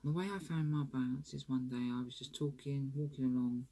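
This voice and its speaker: A woman's voice: extremely low pitch, fairly even intonation, a little fast, mellow, husky. A woman who talks in a chatty, rambling way, with restarts and a self-conscious tone, in a candid personal vlog. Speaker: vlogger.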